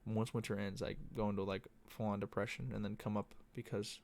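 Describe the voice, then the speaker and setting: A man's voice: on the low side, level tone, a little fast, creaky, darkish tone. A young man hosting a podcast, talking casually in a loose, profane, meandering monologue. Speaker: podcast host. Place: Arizona.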